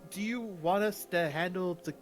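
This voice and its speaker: A man runs a tabletop session as game master, his voice sitting a bit high. He talks loosely, laughing and restarting his sentences as he rules on the players' rolls. Faint music plays under the stream. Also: moderate pace. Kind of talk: running a tabletop game over a live stream.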